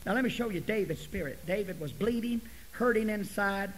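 A male preacher giving a folksy sermon, dropping to near-whispers and then rising to loud, forceful preaching. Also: high-pitched, lively intonation, a little fast, slight background noise, rough recording. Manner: folksy storytelling.

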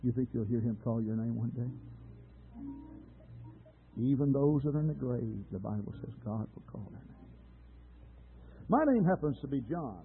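A man's voice: mid-range voice, lively intonation, normal speed, long pauses. A man preaching an earnest, emphatic sermon to his congregation. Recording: tinny phone-like sound with faint music.

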